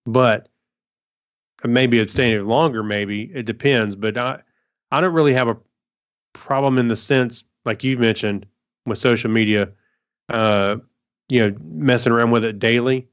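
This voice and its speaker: A man's voice: mid-range voice, a little slow, pauses often. Man reading news over lo-fi audio. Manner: reads an article aloud with stumbles and asides. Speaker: podcast co-host reading news. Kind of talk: casual chat. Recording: dull lo-fi audio.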